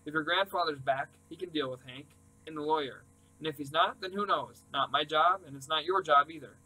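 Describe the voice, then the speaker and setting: A self-assured teenage boy talks things through casually and calmly, as a man reads him in an audiobook. He sounds matter-of-fact and a bit cocky. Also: on the high side, fairly quick, poor audio.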